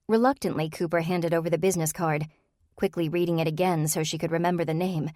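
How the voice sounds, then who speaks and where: A woman reading a cozy mystery novel aloud in a steady, even manner. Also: fairly low pitch, quick pace, dry recording, clean studio sound. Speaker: audiobook narrator. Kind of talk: scripted narration.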